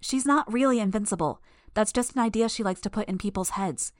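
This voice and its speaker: A woman's voice: medium pitch, a little fast, no room sound, clean studio sound, natural voice. A woman voicing a clever, smug young villain who speaks in a strained, injured way, in an audiobook. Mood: knowing. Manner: strained, knowing. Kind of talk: audiobook character voice.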